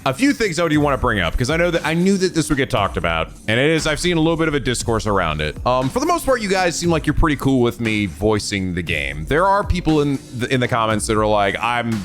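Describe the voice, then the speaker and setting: A young man hosting a let's play, chatting casually and profanely, laughing often and jumping between low mutters and loud yelps. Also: big pitch swings, fast talker, soft background music. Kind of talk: casual gameplay commentary.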